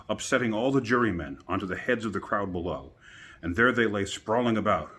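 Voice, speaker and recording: A man reading a bedtime story aloud outdoors, relaxed and chatty between passages. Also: on the low side. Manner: relaxed, chatty asides with fillers.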